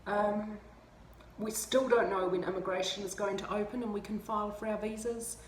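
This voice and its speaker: A woman's voice: medium pitch, fairly even intonation, normal speed. A woman from New Zealand with a New Zealand accent, chatting casually to camera in a self-mocking way and laughing often. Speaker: vlogger. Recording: roomy with faint ambient noise.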